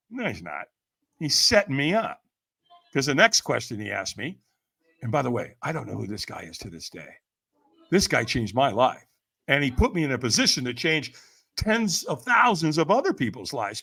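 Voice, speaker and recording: Guy telling a wild story on a podcast, high-ish voice, super animated. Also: moderate pace. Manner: lively, acts out quoted voices, laughs often. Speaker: podcast guest, firewalk trainer.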